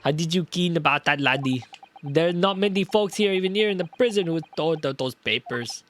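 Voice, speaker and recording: A man putting on a gruff Scottish old-timer. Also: fairly high pitch, brisk, fairly bright tone, lightly acted. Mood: irritated. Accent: put-on Scottish. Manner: brusque, dismissive, broad dialect words. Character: gruff older Scottish man, defensive and evasive. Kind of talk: reading a game character aloud in a put-on voice.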